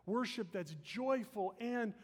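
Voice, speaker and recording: A man delivers an earnest, emphatic sermon to his congregation, his voice sitting noticeably high. The sound rings out through a large church space with a long reverb tail. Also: takes it slowly. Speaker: pastor. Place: church sanctuary.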